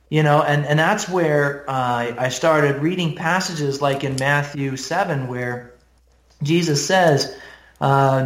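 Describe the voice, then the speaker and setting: Young man telling his testimony off the cuff, rambling, a touch high, recorded in a roomy space. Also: unhurried. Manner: rambling, many fillers, nervous laughs and throat clearing. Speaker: believer sharing his testimony. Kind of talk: casual personal testimony. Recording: roomy echo.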